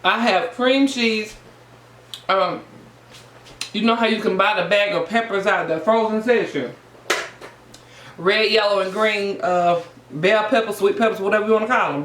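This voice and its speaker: Woman, eating vlogger, playful, sing-song, echoey room, faint noise behind. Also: medium pitch. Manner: playful, sing-song, calls viewers honey. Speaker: mukbang vlogger. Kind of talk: casual eating vlog chat.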